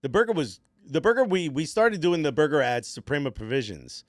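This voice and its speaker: A man telling lively, laugh-filled stories as a comedian guest on a casual podcast. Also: on the high side, brisk, no room sound, clean studio sound. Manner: animated storyteller, laughs often.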